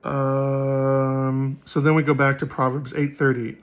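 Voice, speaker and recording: A man giving casual Bible teaching in a quick, rambling way with many fillers, hoarse from being sick. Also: medium pitch, monotone. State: hoarse from sickness.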